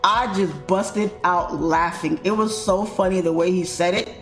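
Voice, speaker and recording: Woman host, giggly chatty storyteller, slangy, roomy sound with soft music behind. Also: on the low side, measured pace. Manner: laughing storyteller, loose slangy talk. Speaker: trading livestream host. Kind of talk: casual chat while trading.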